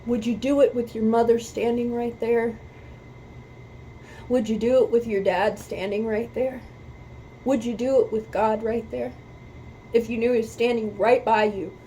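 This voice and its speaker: Slow, earnest woman, soft and mellow. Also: fairly high pitch, a little hiss or hum, poor audio. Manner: earnest, emphatic, repeats phrases for stress. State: emotional, near tears. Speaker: music reaction video host. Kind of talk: heartfelt talk to camera about faith.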